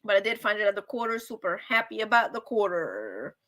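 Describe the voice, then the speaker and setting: A woman hosting a casual livestream, chatty and animated, often asking "right?" and acting out quoted voices. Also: medium pitch, brisk. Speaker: livestream host.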